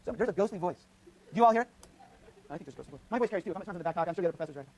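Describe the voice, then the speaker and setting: With a voice that sits high, lively intonation, and a racing pace, a male physics professor lectures in a lecture hall. He narrates a live demonstration by thinking aloud, restarting repeatedly and asking "right?" as he goes.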